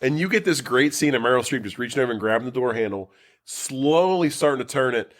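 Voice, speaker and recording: Animated, swearing man recapping a film. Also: mid-range voice, quick pace. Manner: animated, profane, laughs a lot, acts out characters. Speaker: podcast co-host. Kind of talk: casual movie-review chat.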